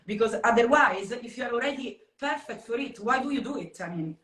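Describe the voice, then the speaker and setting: A woman's voice: on the high side, expressive, brisk, a bit bright. A woman co-hosting a podcast, sharing her view in a thoughtful, reflective way. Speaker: podcast co-host. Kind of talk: casual conversation. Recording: roomy echo.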